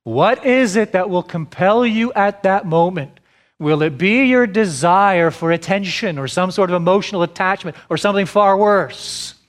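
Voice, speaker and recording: A man in his thirties preaching a sermon as a pastor, asking deliberate, repeated rhetorical questions. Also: fairly high pitch.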